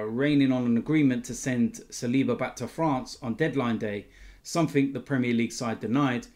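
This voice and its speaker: A man's voice: medium pitch, darkish tone. A man hosting his football fan channel, giving a casual news roundup in a chatty way with frequent ums.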